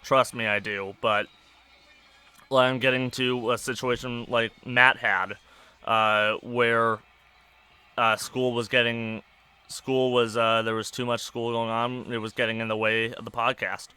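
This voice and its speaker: A young man hosting a podcast, rambling casually in a monotone with many fillers while sounding stressed. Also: medium pitch, measured pace, clear, resonant tone. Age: young adult. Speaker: podcast host. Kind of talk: casual personal rambling over a wrestling match.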